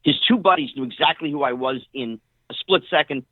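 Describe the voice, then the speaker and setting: A man's voice: medium pitch, a little fast, no echo. Middle-aged man telling stories over a tinny phone line. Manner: animated storyteller who acts out quoted dialogue. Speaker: interview guest, actor. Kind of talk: casual interview storytelling.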